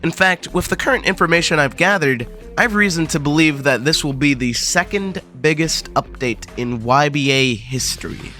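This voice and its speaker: A man's voice: a little high, moderate pace, hardly any pauses, bright, forceful tone, faint music behind. A young man hosting a gaming video, delivering sarcastic, crude commentary full of profanity and mock drama.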